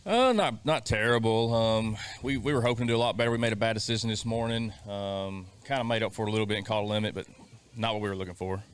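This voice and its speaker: Low-voiced, hesitant male angler. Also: smooth. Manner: halting, hesitant, many fillers. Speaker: tournament angler. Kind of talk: post-tournament interview.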